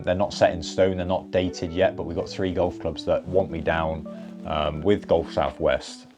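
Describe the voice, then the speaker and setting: Low-voiced Bristolian man vlogging. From Bristol, England. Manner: chatty and upbeat, many fillers and restarts. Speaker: golf content creator. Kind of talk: casual vlog to camera. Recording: faint guitar music behind.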